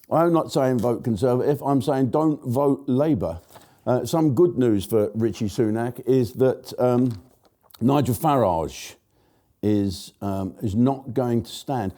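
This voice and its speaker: An older man rants bluntly through a jokey political monologue, mocking and laughing at his own quips. His voice sits dark and mellow at an ordinary pitch. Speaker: show host. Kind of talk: casual political comedy monologue.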